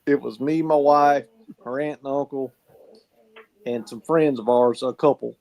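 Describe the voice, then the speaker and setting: A man's voice: medium pitch, steady tone, a little slow, a little mellow. A man from South Carolina with a Southern accent, telling folksy stories in a casual chat, repeating words as he goes.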